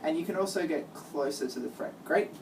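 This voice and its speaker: Encouraging woman guitar teacher with a low voice, miked from a distance, guitar heard clearly. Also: brisk. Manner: encouraging, praising and giving step-by-step instructions. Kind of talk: one-on-one music lesson. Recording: distant mic with guitar playing.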